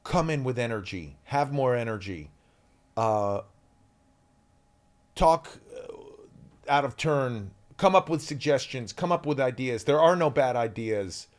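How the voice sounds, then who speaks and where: A man in his fifties, an actor guest telling stories in a podcast interview, animated and full of ums, acting out shouted quotes. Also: mid-range voice, takes it slowly.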